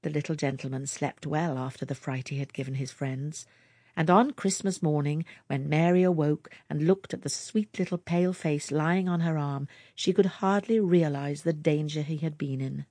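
A woman narrating a story aloud in a lively storytelling manner. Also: deep voice, moderate pace, no room sound, clean studio sound. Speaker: audiobook reader. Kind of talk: scripted narration.

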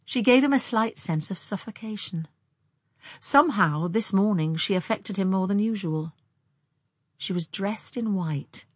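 A woman reading a novel aloud in measured, even narration. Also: medium pitch, husky, dry recording, studio quality. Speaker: audiobook reader.

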